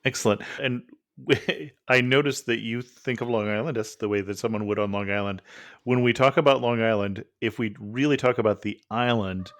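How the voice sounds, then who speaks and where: A man's voice: medium pitch, fairly even intonation, moderate pace. A man hosting a travel podcast interview, friendly and curious, asking questions and laughing easily. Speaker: podcast host.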